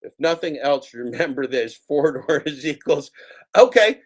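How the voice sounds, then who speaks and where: A man's voice: medium pitch, a little slow. Joking man hosting a clip reaction. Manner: playful, jokey mock warnings. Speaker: host reacting to clips. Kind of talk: casual live commentary.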